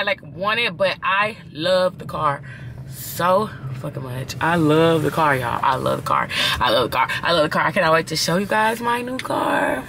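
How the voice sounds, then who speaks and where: A young woman talking casually to her camera, excited, slangy and swearing, with loud bursts and laughter. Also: lowish voice, moderate pace, vocal fry, slight background noise. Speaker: vlogger. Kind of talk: casual vlog chat to camera.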